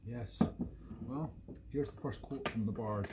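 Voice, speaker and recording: A man's voice: mid-range voice, unhurried, very noisy. A Scottish man in his fifties hosting a live music stream from home, chatting between tunes with joking, rambling banter. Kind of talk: casual chat between tunes. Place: home, indoors.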